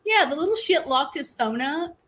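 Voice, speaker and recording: A woman's voice: sits high, expressive, moderate pace, a bit bright, a little hiss or hum, poor audio. A middle-aged woman, hosting a casual live stream and telling rambling stories with frequent laughs. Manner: chatty, rambling storyteller, laughs often.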